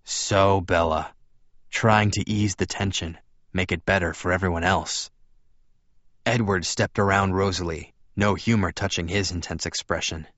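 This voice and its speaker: Man, audiobook narrator, very deep voice, dull dry lo-fi recording. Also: a little slow, dry recording. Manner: steady, first-person storytelling.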